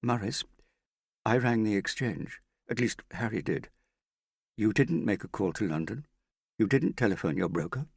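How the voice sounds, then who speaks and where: A man's voice: fairly low pitch, lively intonation, normal speed, vocal fry, long pauses, breathy edge, no room sound, studio quality, voice pushed up, full character voice. A man voicing an anxious young woman who confronts a man she suspects of lying, pleading and insistent, her voice rising and breaking. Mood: frightened.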